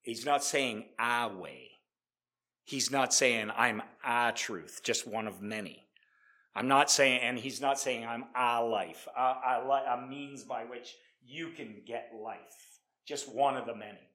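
A man preaching an evangelistic sermon, emphatic, swinging from loud declarations to hushed tones and often repeating himself. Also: mid-range voice, slow pace. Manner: repeats words, restarts often.

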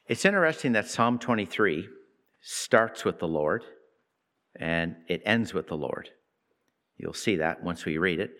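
A man giving devotional Bible teaching, reading scripture with lifted emphasis and talking reflectively with halting repeats. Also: low-pitched, fairly bright tone. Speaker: preacher.

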